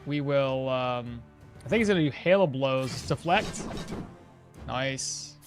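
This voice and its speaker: A man's voice: medium pitch, animated, slow pace, music in the background. A man giving casual gameplay commentary, thinking aloud, chuckling often and answering chat as he plays. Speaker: streamer playing a game.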